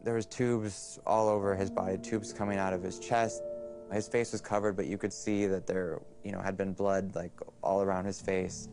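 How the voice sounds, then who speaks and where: A young man speaks in a somewhat low voice, recounting a loss in halting, hushed phrases. Quiet music plays faintly behind him. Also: little pitch movement. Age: young adult. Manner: halting, quiet, grief-stricken recollection. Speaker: interviewee. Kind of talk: documentary interview.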